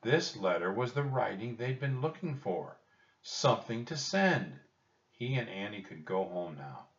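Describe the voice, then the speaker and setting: A man reading a children's chapter book aloud with expressive storytelling. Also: fairly low pitch, moderate pace. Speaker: audiobook reader. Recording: distant roomy dull home recording.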